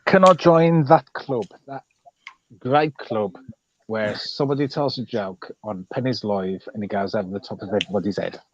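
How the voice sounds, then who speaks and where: A man's voice: fairly low pitch, normal speed, dull audio. A man co-hosting a casual live stream, easygoing and joking in a dry way. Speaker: co-host.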